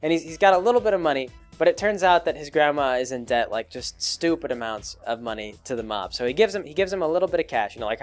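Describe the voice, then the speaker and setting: Man, young, rambling, restarts a lot, slightly high-pitched, comedic storytelling. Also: soft background music. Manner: rambling, full of restarts, acting out characters in quick bits. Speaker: comedy podcast host.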